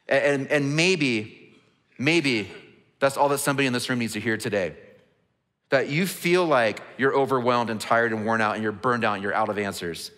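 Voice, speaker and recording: A man's voice: medium pitch, moderate pace, fairly bright tone. A man preaching a sermon as a pastor, earnest and conversational, often restarting his words. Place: large church auditorium. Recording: long reverb of a large hall.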